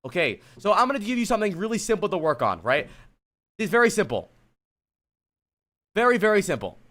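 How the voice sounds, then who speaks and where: A male streamer coaching a player live, with a high, bright voice. He is blunt and exasperated, swears freely, and breaks off to talk to his chat while he lectures. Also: sing-song, fairly quick. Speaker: streamer coach reviewing gameplay.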